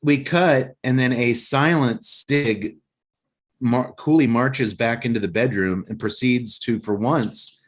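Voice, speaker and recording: A man's voice: mid-range voice, slow pace. A man hosting a casual talk show, rambling and joking as he recaps a movie plot. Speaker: podcast host.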